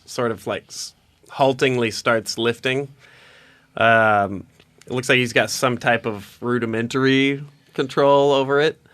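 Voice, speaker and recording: A man with a clean, slightly bright medium-pitched voice narrates a tabletop game as dungeon master. He rambles, using lots of fillers and restarting his sentences.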